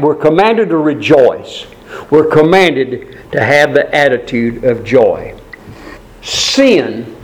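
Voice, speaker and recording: Emphatic male preacher, fairly high voice. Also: a little mellow, rough recording. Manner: emphatic and repetitive, quotes scripture, corrects himself mid-story. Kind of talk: sermon.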